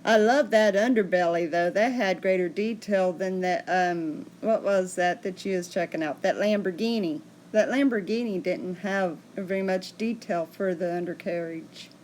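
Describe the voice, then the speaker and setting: A woman's voice: on the low side, normal speed, hardly any pauses, a little mellow, slight background noise. Chatty woman livestreamer greeting viewers. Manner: chatty, reads and answers viewer comments. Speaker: livestream host. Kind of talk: casual livestream chat with viewers.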